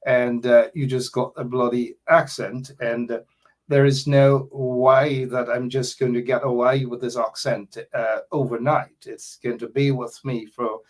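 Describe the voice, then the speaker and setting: A Guyanese man hosting a radio talk show, rambling along with plenty of fillers. His pitch sits in an ordinary middle range. He talks in a loose, chatty way. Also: little pitch movement, unhurried.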